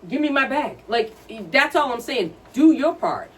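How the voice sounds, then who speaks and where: Husky woman ranting bluntly, distant mic. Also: high-pitched, very animated, moderate pace. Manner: blunt, profane, ranting storyteller. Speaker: podcast co-host. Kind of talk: casual chat.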